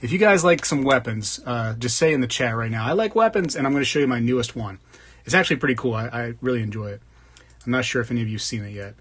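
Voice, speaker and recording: Chatty husky man hosting a livestream. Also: mid-range voice, fast, a bit bright. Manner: chatty, jokey, greets viewers by name. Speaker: livestream host. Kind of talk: casual live chat reading comments.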